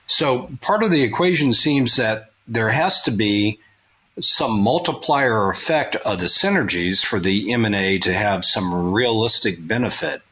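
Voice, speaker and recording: Husky low-voiced male host. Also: animated, moderate pace, a bit bright, low-quality recording. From Melbourne, Florida. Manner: conversational, leading questions. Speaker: podcast host. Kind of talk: interview questions.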